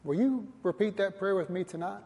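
A man's voice: high-pitched, a little fast, darkish tone, slightly rough, long reverb tail. A man preaching a sermon as a pastor, earnest and repetitive, challenging his listeners directly.

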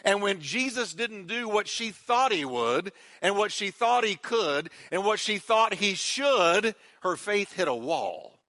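Pastor, male, high bright voice, emphatic repetitive sermon delivery with call-and-response. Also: expressive, measured pace, hardly any pauses.

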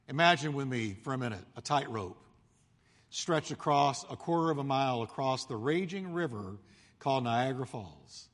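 A male pastor preaching a sermon, telling the story with animated delivery and acting out the voices of the crowd. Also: medium pitch, normal speed, big-room sound.

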